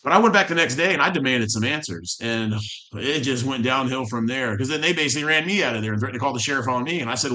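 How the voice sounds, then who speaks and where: A man, a military veteran, recounts his story as an interview guest. He talks quickly and with passion, often restarting his sentences. His voice is bright and forceful, and he keeps a middle pitch. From Florida. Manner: impassioned, tumbling restarts.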